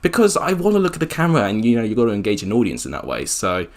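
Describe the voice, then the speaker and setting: Young guy reacting to his old vid, lowish voice, teasing himself, pitch jumps when he's shocked. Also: wildly swooping pitch, very fast. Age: around 20. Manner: chatty, self-mocking, jumps up in pitch when surprised. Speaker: YouTuber. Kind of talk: casual reaction commentary.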